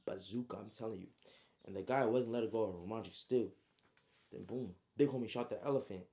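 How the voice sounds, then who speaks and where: A man casually recapping his own story, slangy and animated, with frequent asides. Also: fairly low pitch, fast.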